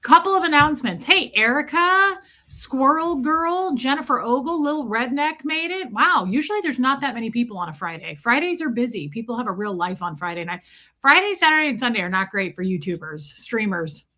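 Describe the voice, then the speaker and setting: A woman's voice: high-pitched, animated, fairly quick, pushed and bright. A woman hosting a casual livestream, chatting and teasing as she greets viewers one by one. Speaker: livestream host.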